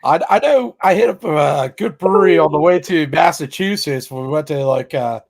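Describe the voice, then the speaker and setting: An easygoing man, co-hosting a relaxed chat. He laughs along often and speaks loosely. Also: on the high side, moderate pace, gravelly. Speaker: co-host. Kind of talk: casual chat.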